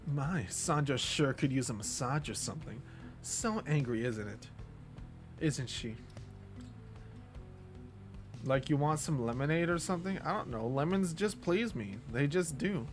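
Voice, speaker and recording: Man, game streamer, lively up-and-down voice, slightly high, faint game music behind. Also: a little slow, long pauses. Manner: playful, jokey, laughs often. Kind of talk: casual live gameplay commentary.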